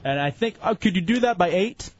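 A man's voice: expressive, highs cut off, a little hiss or hum. A man hosting an evening radio show, bantering playfully and rambling from topic to topic. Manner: playful, rambling, quick shifts in pitch. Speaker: radio host.

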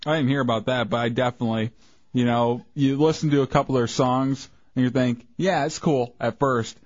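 A man's voice: mid-range voice, fairly even intonation, a little fast, no room sound. A male radio co-host arguing enthusiastically about music in casual banter. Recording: dry lo-fi radio recording with faint music.

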